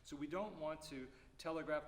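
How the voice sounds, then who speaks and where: A man teaching a music clinic, explaining phrasing and singing rhythms aloud with lively syllables. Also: on the high side, normal speed. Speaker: percussion clinician. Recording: roomy hall reverb, faint noise.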